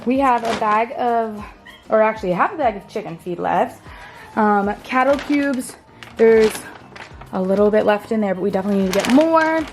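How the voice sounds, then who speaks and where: A woman's voice: a little high, moderate pace, soft background music. A woman vlogging casually on her farm, bubbly and chatty, talking to the camera about feeding her animals. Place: outdoors on a farm, then a feed shed.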